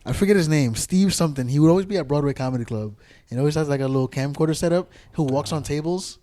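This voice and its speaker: A man's voice: a little high, fast, mellow. A male podcast co-host, talking loosely with many fillers and restarts. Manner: rambling, lots of "like" and restarts. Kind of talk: casual podcast chat.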